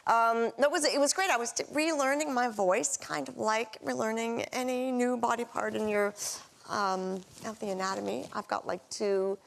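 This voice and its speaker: Raspy, airy-voiced woman guest, bright and animated, a little gravelly. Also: on the high side, moderate pace. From Canada. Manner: laughs often, animated. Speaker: guest singer. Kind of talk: casual chat. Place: studio.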